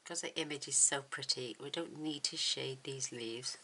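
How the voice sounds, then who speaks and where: Low-voiced woman gently narrating a craft tutorial. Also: moderate pace, a little hiss or hum, poor audio. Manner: soft-spoken, admiring, often drops to a near whisper. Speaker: card-making tutorial host.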